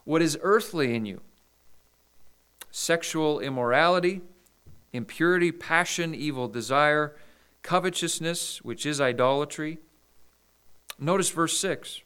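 A man delivering a sermon, reading scripture in a measured preaching manner. His voice sits a bit high for a man. It comes through clear and smooth. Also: fairly bright tone. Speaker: pastor.

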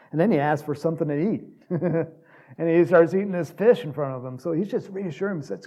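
Gravelly-voiced man teaching the Bible. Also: a little high, a little fast, dark tone. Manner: conversational, many fillers, chuckles. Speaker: Bible study leader. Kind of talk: casual sermon.

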